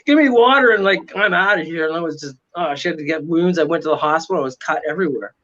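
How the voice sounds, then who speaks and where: High-voiced man telling a story dramatically. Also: quick pace, sharp tone. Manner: dramatic, acts out voices and sounds. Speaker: paranormal investigator guest. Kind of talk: animated storytelling. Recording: dull lo-fi audio.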